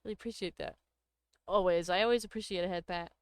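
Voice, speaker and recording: A woman's voice: fairly low pitch, fast, clear, resonant tone, no room sound, clean studio sound. A woman hosting a livestream, chatting casually with viewers, thanking them and laughing often. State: hiccups. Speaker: livestream host.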